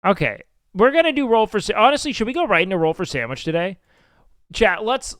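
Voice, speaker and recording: A tired, sleepless man talks straight to his live chat in a brash, teasing, foul-mouthed way. His voice sits a little high and comes through smooth and clean. The sound is dry and close. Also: very animated, fairly quick, fairly bright tone, no echo. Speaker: livestreamer. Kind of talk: casual live-stream chat to viewers.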